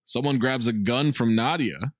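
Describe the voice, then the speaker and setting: A man's voice: medium pitch, moderate pace, no room sound. Man, podcast co-host, wry plot recap, dry close-mic sound. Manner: narrates plot in a flat, wry tone with swearing. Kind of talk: casual comedic movie recap.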